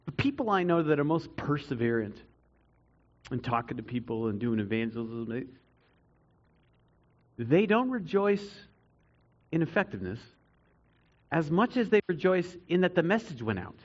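Man preaching, kinda high voice, earnest, goes loud then quiet, muffled lo-fi sound. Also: big pitch swings, normal speed, long pauses. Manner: earnest, dramatic swings between loud emphasis and quiet reflection. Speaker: pastor. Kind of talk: sermon.

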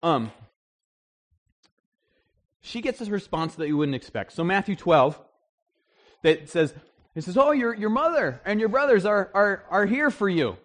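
A man preaching a sermon in an animated way, acting out the voices he quotes. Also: high voice, a little slow, pauses often. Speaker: pastor.

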